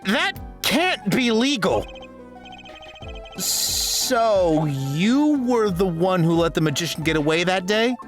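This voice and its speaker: A weary male defense attorney speaks in a lowered, dry, deadpan tone, as a woman puts him on for a game reading. The delivery stays slow and unhurried. Faint music sits underneath. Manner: low, flat, dry delivery.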